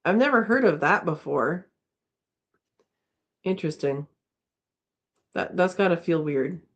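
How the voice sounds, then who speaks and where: A woman's voice: lowish voice, animated, a little slow. A woman hosting a casual live chat from home, reading viewer comments aloud and laughing often. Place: home, indoors.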